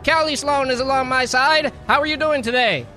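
A man's voice: very high-pitched, brisk, bright, forceful tone, faint music behind, pitched above the performer's own voice. A man putting on a mock-formal old-time newsreader voice with a transatlantic accent, in a studio. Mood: pompous. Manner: mock-formal announcer delivery.

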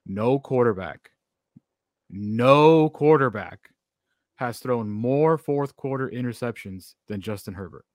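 A man's voice: medium pitch, moderate pace, few pauses, darkish tone, no room sound, studio quality. A man co-hosting a sports talk show, setting up clips and reading stats in a matter-of-fact way. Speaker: radio co-host and producer.

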